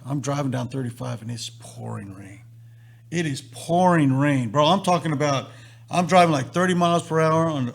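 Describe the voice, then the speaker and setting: A man's voice: on the high side, creaky, slight background noise. A man hosting a live stream, telling a long story and acting out the lines of the people in it. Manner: animated storyteller acting out quotes. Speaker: host.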